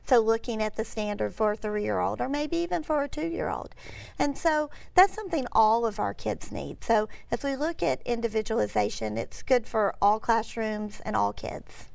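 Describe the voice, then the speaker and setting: A woman's voice: a little high, moderate pace, vocal fry, darkish tone, no echo. A woman education official explaining teaching standards in an earnest, step-by-step way. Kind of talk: explanatory talk.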